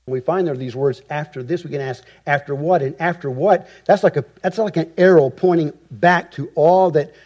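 A man preaching an expository sermon, with emphatic rhetorical repetition and deliberate phrasing. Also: fairly high pitch, a little mellow, lo-fi sound. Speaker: pastor.

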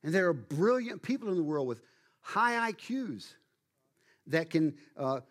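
A man preaching a sermon as pastor, speaking emphatically and slowing down to stress key words. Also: fairly high pitch, big pitch swings.

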